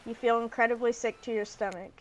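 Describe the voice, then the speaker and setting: Giggly high-voiced woman gaming streamer. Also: steady tone, fast, muffled recording, a little hiss or hum. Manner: giggly, playful, reads story text aloud. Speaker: streamer playing a dating sim. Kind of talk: casual gaming commentary, reading game text aloud.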